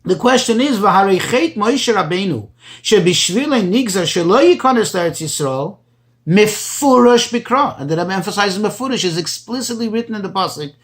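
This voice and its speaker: Rabbi teaching Torah text. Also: male voice, high-pitched, lively intonation, fairly bright tone. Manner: explains slowly, translating Hebrew phrases and restating points. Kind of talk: Torah study tutorial.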